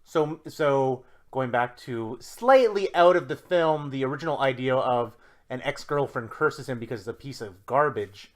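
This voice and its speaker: A man's voice: medium pitch, moderate pace. Rambling male podcast co-host. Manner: rambling, many restarts, explains ideas eagerly. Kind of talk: casual chat.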